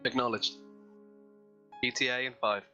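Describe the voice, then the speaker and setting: A man playing a crisp starship captain on comms. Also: medium pitch, steady tone, moderate pace, pushed and bright, highs cut off, faint music behind. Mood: brisk. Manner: clipped, efficient radio talk.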